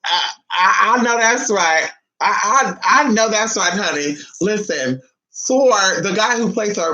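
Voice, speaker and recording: A woman vlogger in casual chat to camera, sassy and chatty, calling her listeners honey and swinging her voice between high and low. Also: animated, unhurried, pushed and bright, highs cut off.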